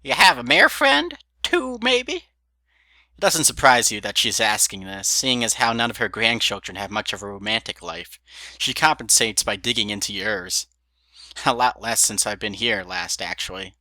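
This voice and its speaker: A man's voice: lowish voice, normal speed, sharp tone, no room sound. A man reading fan fiction aloud, giggling often and swearing with enthusiasm. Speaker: fanfiction reader.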